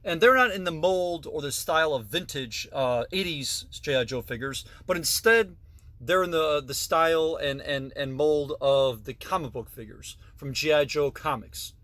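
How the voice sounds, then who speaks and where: A man's voice: on the high side, moderate pace, fairly bright tone, no echo. A middle-aged man casually narrating a tour of his collection in a basement, with frequent fillers and self-corrections. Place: basement room.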